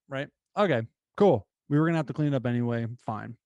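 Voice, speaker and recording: A young man hosting his own show, telling a story in an animated, casual way with lots of fillers. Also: medium pitch, brisk, clean tone, dry recording, highs cut off. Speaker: podcast host.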